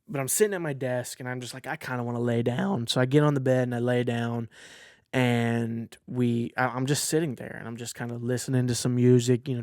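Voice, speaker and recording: A young man talks straight to a camera from his desk at home, candid and earnest. He rambles a little as he tells a personal story. His voice sits at an ordinary middle pitch, and the sound is dry and close, with no room echo. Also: darkish tone. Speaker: podcast host. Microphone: facing a camera at his desk.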